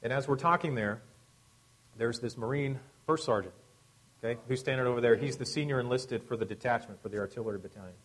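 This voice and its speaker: A man who serves as a military chaplain, telling a personal story conversationally, with wry humor and a voice that drops to a hush at emotional moments. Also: mid-range voice, quick pace, poor audio. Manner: wry, self-deprecating humor.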